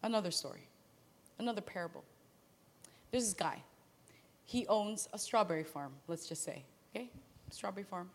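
Animated woman preaching in a reverberant hall. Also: medium pitch. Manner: animated, acts out characters in quick asides. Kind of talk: casual storytelling sermon.

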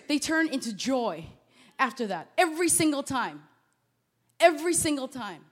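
A woman with a high voice preaches to a young crowd in a chatty, animated sermon. She drops to quiet asides, then bursts into loud exclamations, and laughs often as she talks. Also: moderate pace. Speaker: pastor. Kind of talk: sermon to a youth audience.

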